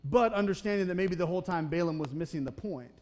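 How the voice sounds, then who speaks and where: High-voiced, chatty male preacher. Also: quick pace, a little mellow. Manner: conversational, checks in with "okay?" and "right?". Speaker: pastor. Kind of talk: sermon. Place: church.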